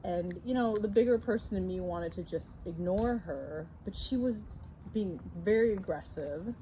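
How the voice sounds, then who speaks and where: A woman in her forties, co-hosting a casual chat and telling a story, lively and quick to jump up in pitch as she acts it out. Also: slight background noise, low-quality recording. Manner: animated, jumps up in pitch when acting out the story. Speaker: co-host.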